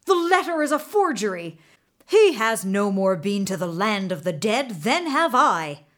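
A woman storyteller voicing a wicked, scheming male governor in a folktale, loud and roaring. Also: medium pitch, very animated, measured pace. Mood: furious.

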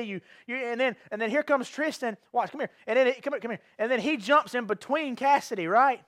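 An earnest pastor with an unusually high male voice gives an evening sermon in the church sanctuary, fairly quick with hardly any pauses and a slightly bright tone. He repeats phrases and keeps asking the congregation questions, recorded dry and close with almost no room around him.

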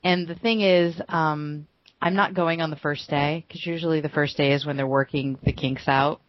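Bubbly low-voiced woman podcaster. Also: fairly even intonation, moderate pace, dull audio. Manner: bubbly, giggly, enthusiastic. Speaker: podcast co-host. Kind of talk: casual gaming podcast chat. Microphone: home podcast microphone.

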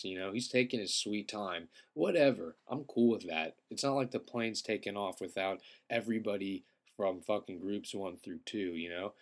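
A young man who feels sick, telling a rambling, profane comedic story and often clearing his throat. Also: fairly low pitch. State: feeling sick. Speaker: podcast host.

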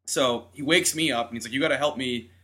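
A man's voice: medium pitch, fast talker, a bit bright. A man co-hosting a podcast, telling a story in casual chat, acting out voices and laughing as he goes. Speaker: podcast co-host.

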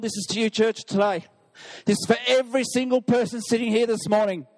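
A man's voice: very high voice, steady tone, fairly quick, darkish tone. A male pastor preaching an impassioned sermon, reading scripture with emphasis.

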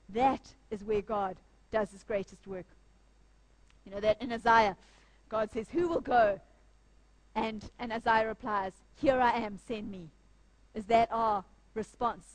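Woman preacher, emphatic, slightly high voice, speaking in church. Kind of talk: sermon.

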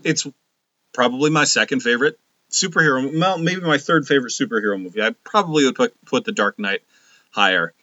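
Bright, joking male podcast co-host. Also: mid-range voice, expressive, no room sound, lo-fi sound. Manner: joking, quick banter. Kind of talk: casual chat.

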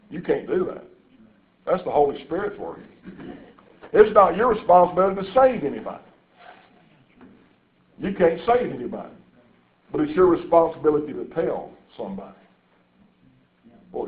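A man preaching a sermon to a congregation, telling folksy stories and turning to the listeners with asides. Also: on the high side. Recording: echoey room over a tinny phone-like line.

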